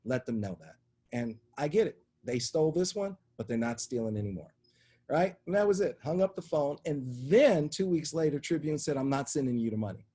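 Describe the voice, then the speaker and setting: Husky-voiced man telling stories animatedly. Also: a little high, a little fast. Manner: animated anecdotal storytelling, acts out voices in quotes. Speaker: interview guest, media executive. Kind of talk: storytelling in conversation.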